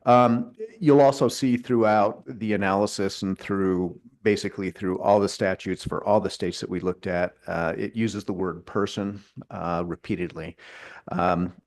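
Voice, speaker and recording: A man, an agency official, giving formal testimony to a legislative committee in a hearing room, measured and deliberate, stressing key words. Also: low voice, fairly even intonation, darkish tone.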